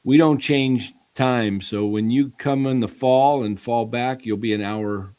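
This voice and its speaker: A man's voice: medium pitch, measured pace, warm tone, clean tone. A man hosting a casual sports talk stream, rambling animatedly with many fillers and restarts. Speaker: sports show host. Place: home studio in Arizona.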